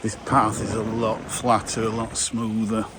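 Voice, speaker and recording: A man vlogging on a riverside countryside walk, thinking aloud and muttering to himself with pauses, a little out of breath. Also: on the low side, monotone. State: slightly out of breath from walking. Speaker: walking vlogger. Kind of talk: casual walking commentary. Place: outdoors on a riverside countryside path. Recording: outdoor noise and passing vehicles.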